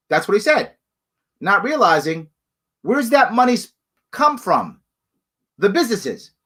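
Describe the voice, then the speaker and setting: A man hosting a live show, answering viewer questions in emphatic, repetitive bursts. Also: high voice. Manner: emphatic, animated, repeats points for stress. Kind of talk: live call-in style solo talk.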